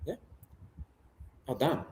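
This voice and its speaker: A man's voice: takes it slowly, darkish tone. Chatty man in an echoey room. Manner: chatty, rambling, self-deprecating. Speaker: guest. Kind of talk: casual livestream chat. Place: indoor room. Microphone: video call. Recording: echoey room over video call.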